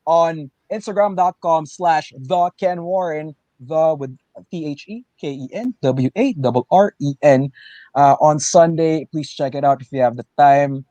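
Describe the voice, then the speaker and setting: Excitable wrestler co-host, man, fairly high voice, dry close sound, casual stream chat. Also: unhurried, no echo, muffled recording. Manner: excitable, animated, jumps between loud and soft.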